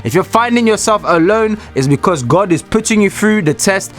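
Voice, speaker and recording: A man's voice: sits high, expressive, normal speed, faint music behind. A man giving a preachy motivational talk to camera from a small room, alone, emphatic and repetitive as he addresses the viewers directly. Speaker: Christian motivational speaker.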